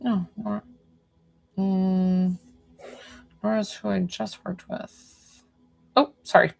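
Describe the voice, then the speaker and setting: This spiritual medium speaks slowly in a medium-pitched, level voice with vocal fry. Her live-streamed reading is chatty and informal, and she keeps getting sidetracked.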